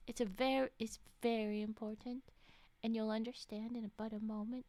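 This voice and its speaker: A woman's voice: fairly high pitch, steady tone, normal speed, darkish tone, dry recording. A woman streamer reading stories aloud, breaking off into chatty, giggly asides. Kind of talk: casual storytelling stream.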